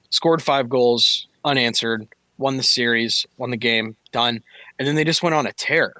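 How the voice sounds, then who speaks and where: A man's voice: medium pitch, bright, forceful tone, no echo. A man co-hosting a podcast, talking hockey in a casual, analytical way with frequent fillers. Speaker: podcast co-host. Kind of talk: casual sports chat.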